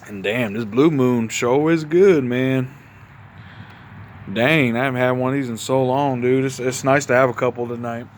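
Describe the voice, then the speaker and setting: Out in his backyard at night, slightly buzzed from a couple of beers, a man from Mississippi talks loosely into his phone camera in a Southern accent. His voice sits in the middle range at a moderate pace, with a little hiss or hum in the recording. He's a vlogger with an easy, meandering style who speaks to viewers as y'all.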